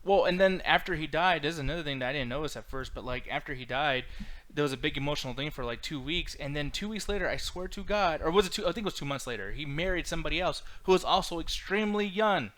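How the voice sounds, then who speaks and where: A man's voice: a little high, a bit bright. A man in a casual podcast chat, talking loosely with lots of "like" and swearing. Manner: quick, loose, profane, many fillers like "like". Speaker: podcast co-host.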